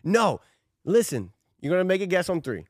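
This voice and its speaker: High-pitched guy goofing around on a podcast, bouncy voice, dry room. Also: sing-song, dry recording. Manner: playful, teasing, quick to laugh. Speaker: podcast co-host. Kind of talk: casual chat.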